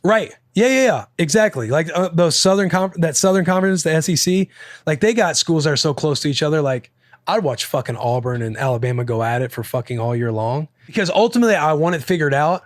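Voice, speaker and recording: Excitable young man, slightly high voice. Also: a little fast, dry recording, clean studio sound. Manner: excitable, swears freely, rambling. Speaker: podcast host. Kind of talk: casual chat.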